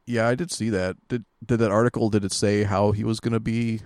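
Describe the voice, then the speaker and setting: A man's voice: on the low side, level tone, a little fast, a little mellow, no echo. A man co-hosting a podcast in casual chat, teasing his partner with dry jokey asides. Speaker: podcast co-host.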